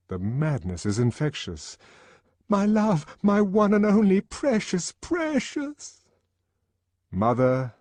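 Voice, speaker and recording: Man reading an audiobook, expressive. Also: on the low side, husky, no room sound. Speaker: audiobook reader. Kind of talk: audiobook narration.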